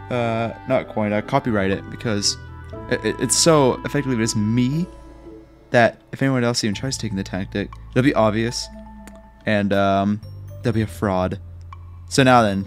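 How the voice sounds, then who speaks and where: A man with a fairly low voice narrates his gameplay in a rambling, self-mocking way, cracking jokes as he goes. Faint guitar music plays underneath him. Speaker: Minecraft YouTuber. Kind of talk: gameplay commentary.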